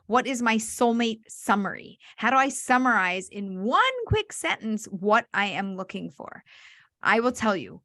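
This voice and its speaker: A woman's voice: mid-range voice, unhurried, no echo, clean studio sound. A woman matchmaker and dating coach giving advice in an online workshop, telling stories and acting out her clients. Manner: animated storyteller who acts out clients' voices.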